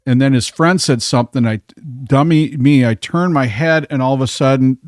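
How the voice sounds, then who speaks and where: Man telling a lively bar story. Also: mid-range voice, moderate pace, no echo, studio quality. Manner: animated storyteller acting out quotes. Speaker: podcast guest. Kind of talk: casual storytelling.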